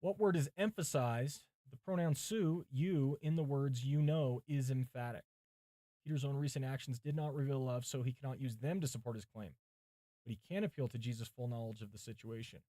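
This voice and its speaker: Pastor, man, mid-pitched, reads study notes aloud and muses between them on a dry, close-sounding track. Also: fairly quick, dark tone, no room sound. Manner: thinking aloud, chatting with viewers between readings. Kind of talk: livestream sermon prep, reading commentaries aloud. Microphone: mic set far from him.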